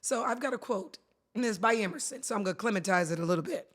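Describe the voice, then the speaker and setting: A middle-aged woman talks with lively, emphatic energy, like a speaker teaching a room. Her pitch rises and falls widely as she drives home each point, and at times she sinks into a hushed whisper to make it land. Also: fast. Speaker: guest, body language expert. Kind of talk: animated conversational teaching.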